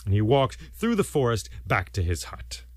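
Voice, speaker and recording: A man's voice: medium pitch, moderate pace, no room sound. A man telling a folk tale aloud in a rhythmic, repetitive storytelling manner. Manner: animated, rhythmic, repetitive phrasing.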